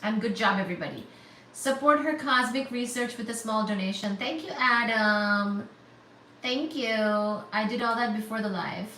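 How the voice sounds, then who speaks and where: A woman hosting a casual livestream chat, gushing and excitable as she thanks viewers by name for donations. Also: a little high, normal speed. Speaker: livestream host. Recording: echoey room, mic at a distance, faint static.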